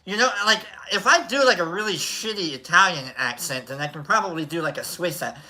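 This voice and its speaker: A man's voice: on the high side, animated, fairly quick, bright, forceful tone. A man hosting a livestream who tells a rambling, casual story, swearing freely and restarting his sentences often. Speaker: livestream host.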